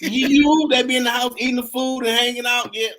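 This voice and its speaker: A man hosting a casual chat, telling animated, laughing stories in slangy talk. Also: extremely high pitch, fairly quick, background noise. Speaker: host.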